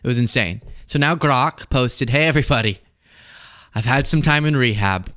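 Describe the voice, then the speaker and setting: A man's voice: mid-range voice, normal speed, fairly bright tone, no room sound, studio quality. A man hosting a casual political commentary show, joking and laughing often. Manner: laughing, loose, swearing for comic effect.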